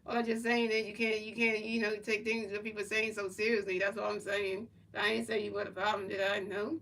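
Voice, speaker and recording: A woman's voice: medium pitch, flat delivery, brisk, fairly bright tone, recorded from a distance, low-quality recording. A woman streamer in casual chat, rambling and repeating herself as she answers her chat. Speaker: livestreamer.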